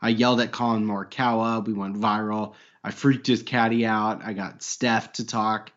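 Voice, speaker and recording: A man's voice: lowish voice, level tone, moderate pace, fairly bright tone, dull audio. A man co-hosting a podcast in casual banter, joking, laughing often and swearing. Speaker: podcast co-host.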